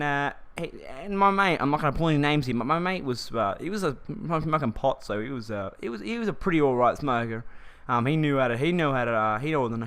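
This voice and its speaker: A man's voice: mid-range voice, fairly bright tone. A man telling a personal story for his vlog in a rambling, slangy way, restarting his sentences often.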